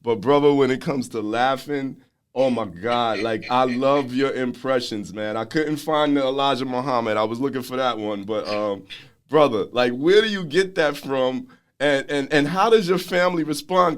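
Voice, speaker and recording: A man's voice: medium pitch, moderate pace. A man hosting a podcast interview, asking questions and affirming his guest with easy laughter. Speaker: podcast host. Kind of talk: casual interview talk.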